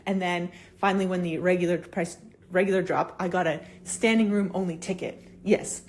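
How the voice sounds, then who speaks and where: A woman in her thirties hosting a casual solo podcast, animated and swearing freely as she acts out quoted conversations. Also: lowish voice, normal speed. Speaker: podcast host.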